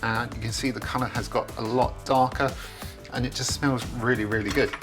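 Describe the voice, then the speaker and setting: A man's voice: medium pitch, steady tone, a little fast, music in the background. A man, chatting enthusiastically while he cooks in his home kitchen for a video. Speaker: cooking vlogger. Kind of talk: casual cooking demonstration.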